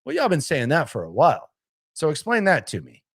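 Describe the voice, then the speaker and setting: A man's voice: on the high side, huge pitch swings, a little fast, vocal fry, husky. A man hosting a live sports talk stream, emphatic and repetitive, hammering his points home and rambling with restarts and asides. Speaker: sports talk show host.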